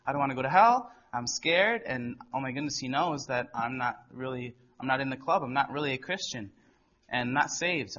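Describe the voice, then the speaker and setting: A man's voice: mid-range voice, pushed and bright. A young man earnestly telling a personal testimony, acting out the people in his story. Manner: earnest storytelling, quoting others in dialogue. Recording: muffled lo-fi recording.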